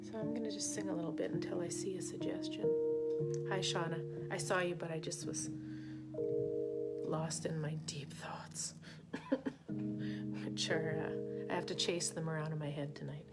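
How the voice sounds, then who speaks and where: A woman musician and teacher chatting casually on a live video, often dropping into a soft half-whisper as she muses. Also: sits low, fairly even intonation, normal speed, long pauses, loud music behind the voice. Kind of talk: casual live-stream talk.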